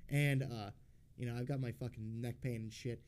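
A man's voice: mid-range voice, steady tone, moderate pace, darkish tone, slight background noise. Rambling, profane young man telling stories. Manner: rambling, profane storytelling with many fillers. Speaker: podcast host. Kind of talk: casual chat.

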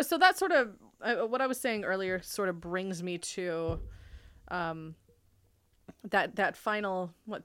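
A woman's voice: medium pitch, fairly bright tone, clean tone. A woman co-hosting a podcast, recapping a film in loose, rambling chat. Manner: rambling, many fillers and restarts. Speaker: podcast co-host.

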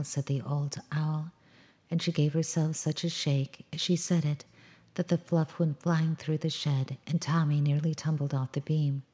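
A woman reading a children's story aloud in a calm, measured storybook style. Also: sits low.

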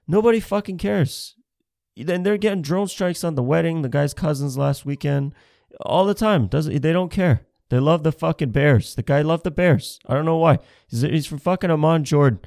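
A man's voice: a little high, expressive, normal speed, creaky, dark tone, dry recording, clean studio sound. A man in his thirties doing a rambling, profane, self-mocking stand-up comedy set. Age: 30s.

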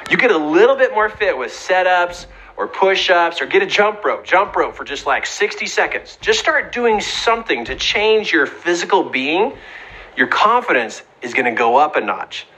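Lively, bright-voiced man giving advice. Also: sits high, moderate pace, low-quality recording. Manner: earnest, emphatic, acts out quoted voices. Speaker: speaker giving advice on bullying. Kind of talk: motivational talk.

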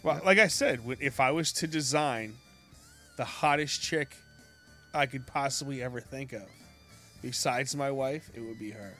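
A man's voice: mid-range voice, moderate pace, pushed and bright. Man, casual podcast banter, brash, joking, faint music. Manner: brash, joking, swears freely. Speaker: podcast co-host.

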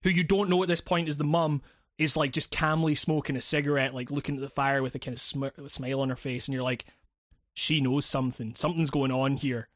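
In loose, casual chat, a man recaps a video game's story, rambling and swearing, with lots of fillers and restarts. His fast voice sits high for a man, a bit bright, with little pitch movement. The recording is close and dry, with no room sound or echo.

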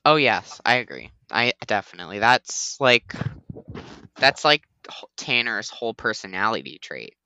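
Bright-voiced man hosting a chatty podcast. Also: on the low side, big pitch swings, normal speed, no echo. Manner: rambling, heavy use of "like". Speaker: podcast host. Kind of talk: casual chat.

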